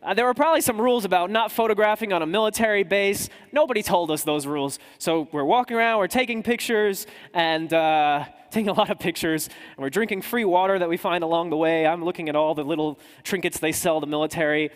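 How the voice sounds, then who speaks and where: A man's voice: high-pitched, a little fast, hardly any pauses. A man, a podcaster and journalist, tells chatty, self-mocking travel stories in a conference talk. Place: conference hall. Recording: echoey hall.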